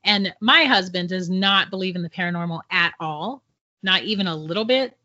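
Middle-aged woman guest, lively storyteller who laughs easily, bright voice, dull lo-fi sound. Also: on the low side, moderate pace. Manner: animated, laughs often between sentences. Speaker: podcast guest. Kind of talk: telling a personal ghost story. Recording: dull lo-fi audio.

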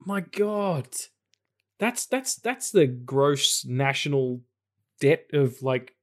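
Sweary guy guesting on a podcast, blunt, rambly, middle pitch. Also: expressive, takes it slowly. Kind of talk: casual chat.

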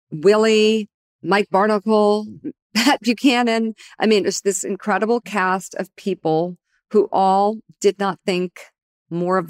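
A middle-aged woman tells a career story in an animated, conversational way, slipping into the voices of the people she quotes. Her voice is recorded close and dry, with no room sound. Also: mid-range voice, no room sound. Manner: animated, acts out quoted dialogue. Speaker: guest, TV news anchor.

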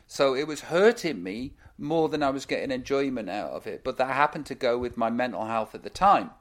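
A man's voice: medium pitch, expressive, brisk. A British man as a podcast guest, talking candidly and loosely, rambling and reflecting on himself. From United Kingdom. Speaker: guest, musician. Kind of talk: casual chat.

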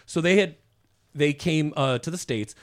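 A man's voice: fairly high pitch, a little slow. A man presenting as a guest on a casual podcast, explaining with lots of fillers and restarts. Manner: hesitant, full of fillers.

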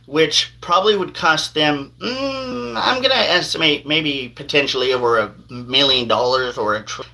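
Brief: male podcast host, casual news commentary, rambling and hedging, bright and a bit high-pitched. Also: low-quality recording. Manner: rambling, hedges with "allegedly".

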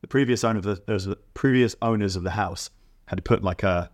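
A young man co-hosting a podcast, chatting casually with quick asides and teasing questions. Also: lowish voice. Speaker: podcast co-host. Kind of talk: casual chat.

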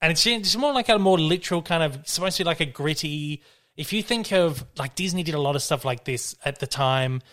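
A man hosts a casual chat about films, his voice fairly high-pitched, expressive and fairly bright. He talks fairly quickly with hardly any pauses, rambling loosely, often restarting sentences and swearing freely.

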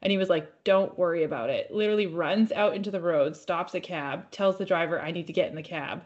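A woman's voice: lowish voice, fast talker, darkish tone, lo-fi sound. A woman co-hosting a podcast from home, telling a story in a rambling, casual way and swearing freely. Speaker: podcast co-host.

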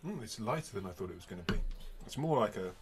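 Talking quickly in a fairly low, very animated voice, a British man hosts his podcast remotely from home. He moves between relaxed chat and a scripted opening, with fillers and restarts along the way.

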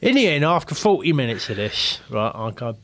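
A man's voice: mid-range voice, a little fast, dry recording. A man, co-hosting a comedy podcast and telling a tall story, acting out the other people in it. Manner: animated, acts out characters. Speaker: podcast co-host. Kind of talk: comic storytelling.

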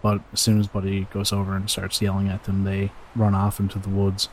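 A man's voice: low voice, monotone, fairly quick, slight background noise. A man narrating a tabletop game as dungeon master, in a loose, casual way with many fillers.

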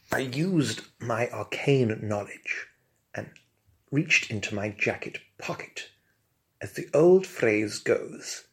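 Man, pompous comic narration, slow and deliberate. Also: mid-range voice, expressive. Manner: pompous, mock-grand storytelling. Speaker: comic storyteller.

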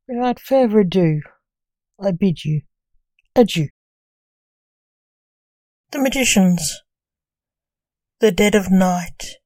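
A woman narrates a scripted gothic story, slow and measured. Her tone is soft and mellow. The recording is dry and close. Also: mid-range voice, lively intonation, dry recording. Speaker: podcast narrator.

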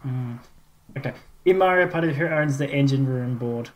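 A man's voice: medium pitch, moderate pace, poor audio. An Australian man co-hosting a casual podcast quiz, fumbling for words and laughing often. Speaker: podcast co-host.

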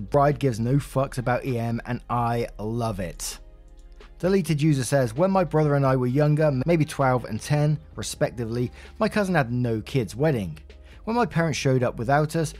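A man's voice: medium pitch, a little mellow. A man reading online posts aloud as a story narrator, adding wry casual asides between them.

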